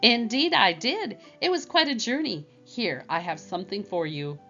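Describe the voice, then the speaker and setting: Lady doing a bold little mother shrew, polite but sharp-tongued, lively ups and downs, dull lo-fi sound with soft music. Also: mid-range voice, normal speed, voice pushed up. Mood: tender.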